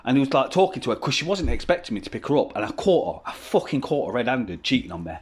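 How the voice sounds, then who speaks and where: At home with children around, a male vlogger tells a personal story in a rambling, casual way, swearing heavily and restarting often. His mid-range voice is sing-song and fast with a breathy edge.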